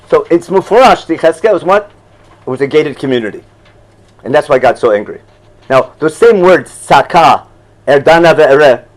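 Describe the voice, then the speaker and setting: A man's voice: a little high, poor audio. An older man teaching a Torah class in a loose, conversational way, often asking "you follow?" and chuckling at his own asides.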